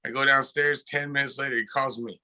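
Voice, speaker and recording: A man on a casual podcast with a very bright, forward tone. He tells his stories with gusto, acting out what everyone said and swearing freely. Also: mid-range voice, fairly quick, low-quality recording. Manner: animated storyteller, acts out quotes, swears freely. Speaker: podcast co-host. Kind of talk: casual chat.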